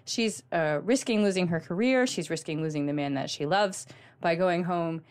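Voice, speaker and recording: A woman co-hosting a podcast, talking about books in a gushing, animated way with lots of ums. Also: fairly low pitch, moderate pace. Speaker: podcast co-host. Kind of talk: casual book chat.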